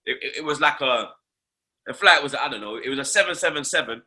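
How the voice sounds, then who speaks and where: Bright, animated London man telling stories. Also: mid-range voice, quick pace. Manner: swearing, slangy, animated storytelling with heavy filler tags. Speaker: host. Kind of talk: casual storytelling chat.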